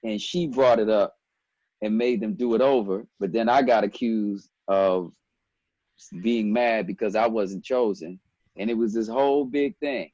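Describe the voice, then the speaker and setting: A man in his forties from Ethiopia, a guest telling stories in a relaxed interview, animated and quick to quote others. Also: lowish voice, dry recording, muffled recording. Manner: animated storyteller, breaks into quoted voices and laughs. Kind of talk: casual storytelling interview.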